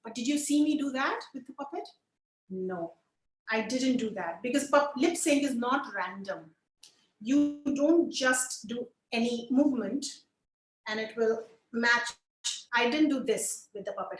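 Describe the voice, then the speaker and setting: A woman with a high voice leads an online puppetry workshop, demonstrating as she explains. She coaxes the group to join in and try each step with her. The sound carries a noticeable room echo. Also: unhurried.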